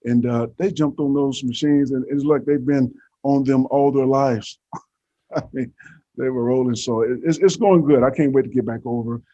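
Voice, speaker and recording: A man's voice: medium pitch, normal speed, no echo, lo-fi sound. A middle-aged man, a football coach, chatting easily as an interview guest over a remote connection. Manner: relaxed, easygoing, short answers. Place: beach vacation, remote call.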